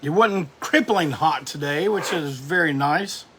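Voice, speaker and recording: A man's voice: fairly high pitch, unhurried, bright, forceful tone, husky. Rambling man hosting a live stream. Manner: rambling, greets viewers by name, swears casually. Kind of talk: casual live-stream chat.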